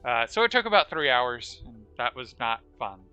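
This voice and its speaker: A man's voice: medium pitch, very animated, moderate pace, sharp tone, clean tone, muffled recording, faint music behind. A man streaming a game live, chatting casually and thinking aloud as he plays. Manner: thinks aloud while playing, chatty asides. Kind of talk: casual live-stream chat while playing.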